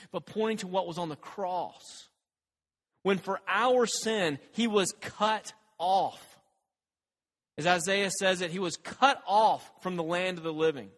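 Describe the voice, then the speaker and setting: A man's voice: high voice, fairly bright tone, big-room sound. A man preaching a conversational sermon as a pastor, with fillers and restarts and rising intensity on quoted scripture.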